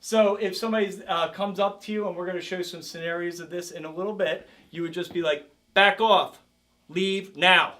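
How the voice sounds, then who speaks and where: A man's voice: high voice, flat delivery, fast, few pauses. A man teaching a self-defense class as karate instructor, coaching a group with energy and calling out drills. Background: group of participants.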